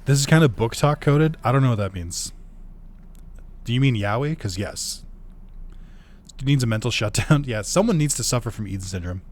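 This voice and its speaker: A young man doing casual let's play commentary, excitable, laughing often and swearing freely. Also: medium pitch, normal speed, long pauses.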